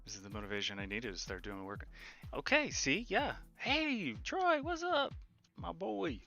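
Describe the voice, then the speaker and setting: A low, gravelly man with a bright, edgy tone talks his way through a coding session, slow and unhurried. He thinks aloud, mutters half-sentences and trades jokes with his live viewers, with faint music under him. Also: muffled recording. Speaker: game developer streaming his work. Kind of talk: casual live coding commentary, chatting with viewers.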